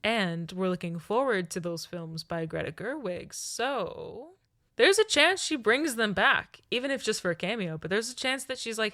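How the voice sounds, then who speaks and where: Animated young woman podcaster. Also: medium pitch, moderate pace. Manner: animated, acts out characters' lines in quoted voices. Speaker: podcast co-host. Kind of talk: casual chat.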